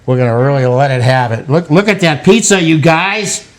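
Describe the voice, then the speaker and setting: An older man with a notably high voice hosts a relaxed home cooking show. He coaxes and cheers on children as they work, in a playful, encouraging way. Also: normal speed. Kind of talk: casual cooking demonstration with kids.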